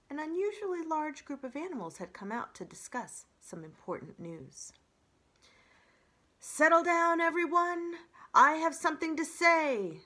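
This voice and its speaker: A woman reading a children's chapter book aloud in an expressive storytelling manner. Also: deep voice, breathy edge.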